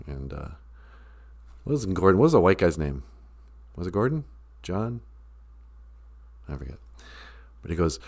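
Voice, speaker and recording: A man's voice: low voice, sing-song, a little slow, gravelly, long pauses. A man hosting a casual live stream, rambling and joking while he reads out viewer comments.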